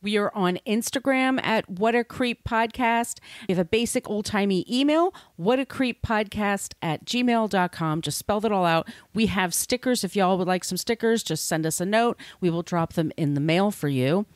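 A woman's voice: mid-range voice, moderate pace, hardly any pauses, dry recording. Brief: irreverent woman podcast host, casual chat, cursing, dry recording. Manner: chatty, irreverent, swears casually.

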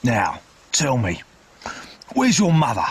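Man doing a growling husky convict. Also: mid-range voice, huge pitch swings, takes it slowly, exaggerated voice. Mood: menacing. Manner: growling, threatening. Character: rough escaped male convict, menacing and threatening.

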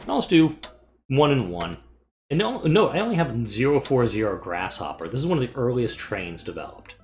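Gaming host, male, casual play-by-play, thinks out loud, mumbles, swears now and then, pitch swings a lot. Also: big pitch swings, normal speed, a little hiss or hum. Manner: thinks aloud, muttering to himself while planning. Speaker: let's play gamer. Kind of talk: casual gameplay commentary.

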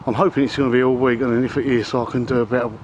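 A middle-aged man, out of breath, talking haltingly to a handheld camera outdoors at night in the rain, with many ums and uhs. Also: mid-range voice, flat delivery, a little mellow, highs cut off, slight background noise. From England. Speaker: vlogger. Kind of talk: casual vlog to camera.

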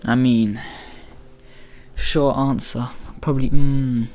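A man's voice: mid-range voice, level tone, slow, darkish tone. A man giving casual gaming commentary as a YouTuber, boastful and hyped, full of slang.

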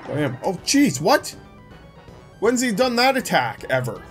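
A man's voice: sits high, very animated, a little slow, fairly bright tone. A young man giving casual, sarcastic let's play commentary with joking banter. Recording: faint game music behind.

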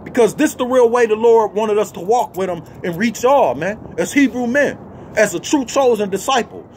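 A man's voice: high voice, expressive, normal speed, darkish tone, a little hiss or hum. A man vlogging in an agitated, emphatic rant, emotional and tagging most lines with "man". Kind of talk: heated ranting monologue.

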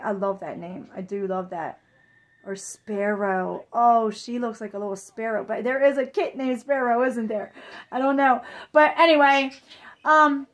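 A woman vlogger chatting casually, gushing and rambling with excitement over a new arrival. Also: sits high. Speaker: reborn doll vlogger. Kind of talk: excited casual vlog chat.

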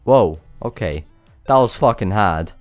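A man playing a stressful game and commenting, swearing and yelling frantic exclamations as he goes, sounding out of breath. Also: lowish voice, animated, measured pace, clean tone, no echo, faint music behind. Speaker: gaming channel host. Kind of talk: let's play commentary.

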